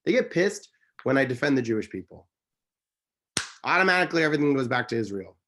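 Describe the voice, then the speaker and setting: A man's voice: big pitch swings, fast talker, pauses often, fairly bright tone. Passionate guy on an interview, talks with heat, voice jumps up when he gets worked up. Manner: intense, emphatic, pitch jumps high when worked up. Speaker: interview guest. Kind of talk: impassioned conversational interview.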